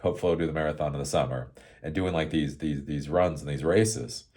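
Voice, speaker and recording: A man's voice: very deep voice, quick pace, darkish tone. A man hosting his own show, talking in a casual, rambling monologue and laughing often. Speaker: show host.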